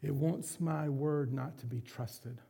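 Husky, gravelly pastor preaching. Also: male voice, fairly high pitch, slow pace, warm tone. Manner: candid, confessional, self-deprecating. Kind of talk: sermon.

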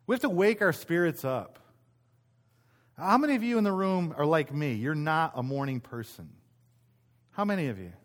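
Storytelling man preaching a sermon. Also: fairly high pitch. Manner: conversational storytelling, self-interrupting restarts. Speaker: pastor. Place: church meeting room.

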